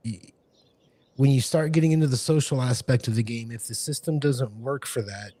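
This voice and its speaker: A man's voice: medium pitch, normal speed, dark tone, dry recording. A man co-hosting a casual podcast as game master, rambling with many restarts. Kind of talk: casual chat.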